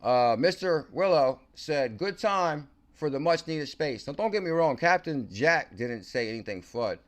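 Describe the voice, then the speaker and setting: Excitable man with a twang. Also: a little high, measured pace. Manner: excitable, slangy, talks to viewers by name. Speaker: crypto channel host. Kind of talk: casual livestream commentary.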